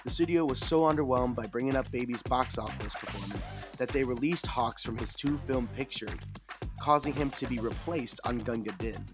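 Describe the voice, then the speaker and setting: This is a man hosting a film podcast, originally from Panama, moving from a prepared rundown to casual banter. He sounds informative and relaxed, repeating words when he talks off the cuff. A music bed plays steadily behind him. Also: mid-range voice, normal speed. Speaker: podcast host. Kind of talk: scripted film-history narration and casual chat.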